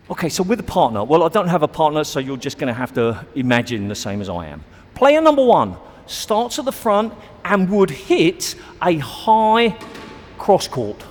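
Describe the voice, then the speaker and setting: A man's voice: mid-range voice, very animated, normal speed, darkish tone, big-room sound. A man coaching squash on court, explaining and demonstrating shots in a chatty, self-deprecating way. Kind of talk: on-court instructional video.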